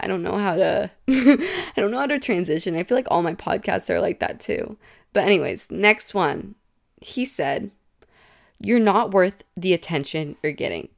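A woman's voice: lowish voice, creaky. A young woman hosting a casual podcast, talking in a gossipy, reactive way with lots of "like" filler. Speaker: podcast host.

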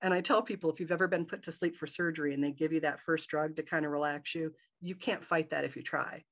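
A woman from Michigan, a podcast guest, telling a personal story in a lively way and acting out her own thoughts. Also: sits low, fast talker. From Michigan, USA. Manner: animated, acts out her own inner thoughts in quotes.

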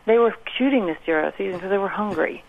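A woman's voice: medium pitch, expressive, rapid-fire, creaky. A woman calling in to a radio show, telling a story earnestly over the phone. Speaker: caller. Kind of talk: radio call-in. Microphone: telephone. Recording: tinny phone line.

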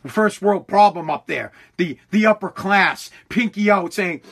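A man ranting angrily with heavy profanity, mocking others with quick put-on voices. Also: sits high, a bit bright, slightly rough. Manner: heated, profane, mocking impressions. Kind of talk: ranting commentary.

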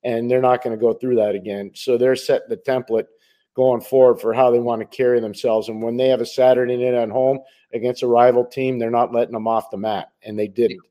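Middle-aged guy breaking down hockey, warm low-key tone, asks himself questions and answers them. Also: flat delivery. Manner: measured, emphatic, rhetorical questions. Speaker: hockey analyst co-host. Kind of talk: casual sports talk.

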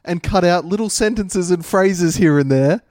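A man's voice: high voice, moderate pace, noisy background. Young man trading dry jokes. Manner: dry joking banter. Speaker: podcast co-host. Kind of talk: casual chat.

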